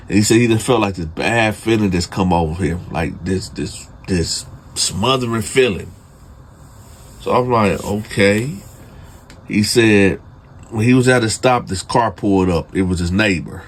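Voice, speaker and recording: A man telling a true prison story in casual, slangy talk, speaking straight to his listeners and building suspense. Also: fairly low pitch. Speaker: storyteller host.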